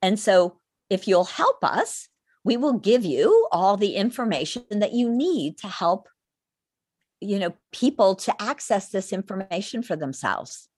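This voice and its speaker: A woman guest in a conversational interview, speaking as an animated storyteller. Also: medium pitch, slightly rough, no room sound, studio quality. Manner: animated storyteller, quick shifts into quoted voices. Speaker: guest, spiritual teacher.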